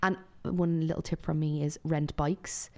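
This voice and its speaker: A woman with an Irish accent, co-hosting a podcast, lively and teasing in casual chat. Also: low voice, unhurried. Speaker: podcast co-host.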